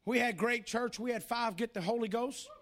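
A male preacher giving a sermon in church, moving between shouted, sing-song preaching and quieter, folksy storytelling. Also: extremely high pitch, moderate pace.

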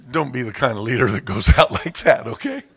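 A man preaching a sermon, telling stories and acting out quoted voices with loud, high outbursts. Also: lively intonation, a little fast, creaky, slightly rough. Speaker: pastor.

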